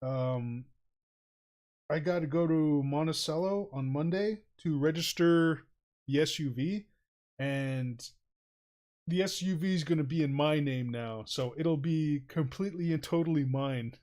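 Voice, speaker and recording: A man's voice: a little high, a little mellow. Male streamer, casual drawing-stream chatter, rambling delivery with frequent chuckles and fillers. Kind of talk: casual livestream chat while drawing.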